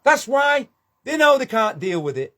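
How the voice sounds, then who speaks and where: A man's voice: extremely high pitch, sing-song, moderate pace, fairly bright tone. A man ranting angrily to camera, swearing and confrontational. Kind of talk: angry video rant.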